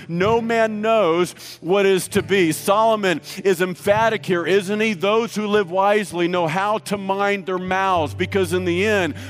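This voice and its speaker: A man preaching a sermon to a congregation, emphatic, breaking into sung lines and jokes, with faint guitar music behind. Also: a little high. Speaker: pastor.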